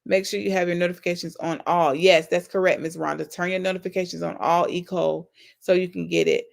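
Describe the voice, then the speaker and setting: A woman's voice: lowish voice, fairly even intonation, a little fast, creaky. A woman hosting a casual live-stream Q&A. She reads out viewer comments and answers them in an earnest, affectionate, faith-filled way. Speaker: YouTube channel host.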